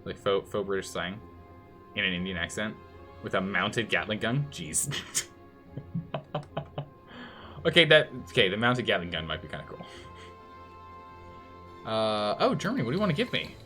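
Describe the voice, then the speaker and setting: Lively low-voiced male game streamer. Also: moderate pace, pauses often, soft background music. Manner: thinks aloud, exclaims and scolds the game's nations. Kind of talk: live gameplay commentary.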